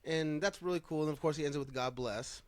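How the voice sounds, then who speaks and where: A man's voice: on the high side, fast, dry recording. A man hosting a podcast in casual chat who rambles, restarts his sentences and laughs easily. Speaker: podcast host.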